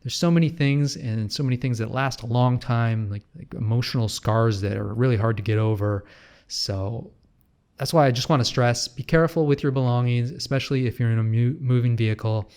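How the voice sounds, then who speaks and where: A man's voice: medium pitch, fairly quick, darkish tone. A Canadian man with a Canadian accent talks through his travel vlog in a casual, chatty way. He drops in sarcastic asides. His voice sits in a middle range. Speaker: travel vlogger.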